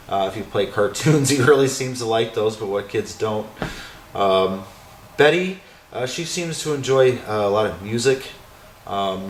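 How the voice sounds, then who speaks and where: Low-pitched guy rambling about his old building, lots of ums, echoey room. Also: a little hiss or hum. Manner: rambling, many fillers. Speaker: owner of a haunted former school. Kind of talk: casual interview answers. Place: inside an old vacant school building. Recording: roomy echo with faint music.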